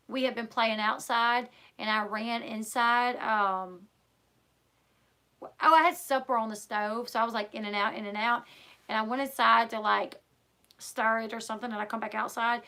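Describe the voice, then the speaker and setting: Bright, gravelly woman rambling. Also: fairly high pitch. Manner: rambling, filler-heavy, lots of "like" and "um"; emotional, retelling a scare. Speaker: vlogger. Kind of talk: casual personal storytelling.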